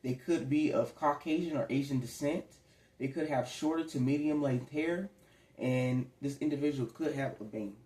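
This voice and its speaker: A man's voice: medium pitch, moderate pace, a little mellow. Rambling man giving a tarot reading. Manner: rambling, conversational, slips into acted quotes. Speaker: tarot reader. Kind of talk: casual spiritual reading to camera. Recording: echoey room.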